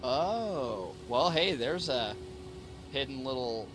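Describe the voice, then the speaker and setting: A man's voice: mid-range voice, animated, slow, background noise. A man streaming a game, chatting casually in a rambling, laid-back way and correcting himself as he goes. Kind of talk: casual gaming stream chat.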